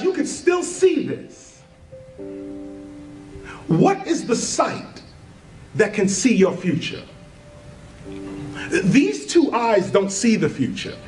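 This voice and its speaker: Podcast host: high, lively man, slow and earnest, leading a spiritual exercise; roomy echo, distant mic, faint music. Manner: animated, earnest, laughs at his own asides. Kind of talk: spiritual talk with guided exercise.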